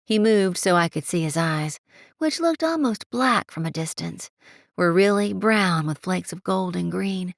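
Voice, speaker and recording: Woman reading an audiobook, low and intimate, kinda gravelly fry, dry close mic. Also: expressive, measured pace, no echo. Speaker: audiobook narrator. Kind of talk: first-person audiobook narration.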